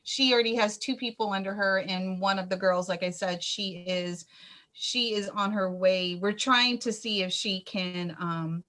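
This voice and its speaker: Bright-voiced Southern woman on a call. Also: medium pitch, steady tone, a little slow. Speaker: guest director. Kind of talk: casual chat on a video call.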